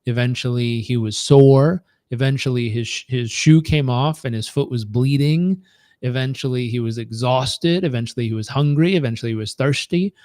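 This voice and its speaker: A man's voice: mid-range voice, normal speed, darkish tone, no room sound, clean studio sound. A man coaching in a live training session, telling stories in an earnest, repetitive way. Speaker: performance coach.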